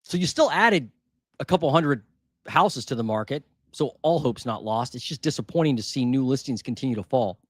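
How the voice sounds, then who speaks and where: A mid-range, animated male voice at normal speed, captured at studio quality with no room sound. The man runs a housing market channel and casually comments live on market data, thinking aloud and repeating figures as he reads them.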